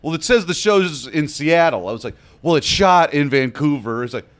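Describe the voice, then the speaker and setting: A man telling a story in casual chat, animated and swearing as he acts out both sides of it. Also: on the high side, normal speed. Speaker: podcast guest.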